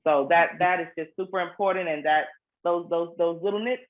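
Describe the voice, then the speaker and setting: A woman's voice: fairly low pitch, steady tone, brisk. A woman, a children's book author, explaining things earnestly in a casual interview, often restarting her phrases. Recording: phone-like narrow sound.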